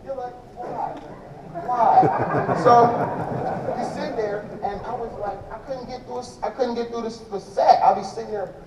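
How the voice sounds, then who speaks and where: A man's voice: very high-pitched, steady tone, normal speed, a little hiss or hum. A man giving a loose, slangy talk to an audience from a stage, rambling and restarting his sentences as he answers questions about his drumming. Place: large indoor event hall stage. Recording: dull echoey hall from far off.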